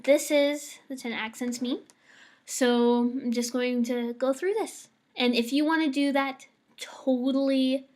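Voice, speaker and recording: Chatty young woman from the us, kinda high voice, takes her time with words. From United States. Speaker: vlogger. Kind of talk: casual accent-challenge vlog.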